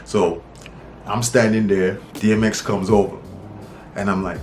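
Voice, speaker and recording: A man's voice: on the low side, little pitch movement, unhurried, a little mellow, faint music behind. A man from St. Kitts, a rapper, telling a story in a laid-back, rambling, slangy way. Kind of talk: casual storytelling vlog.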